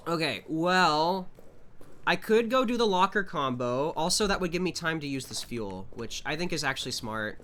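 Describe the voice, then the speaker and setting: A man giving chatty, animated commentary as he streams a game live and talks to his chat. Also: a little high, moderate pace.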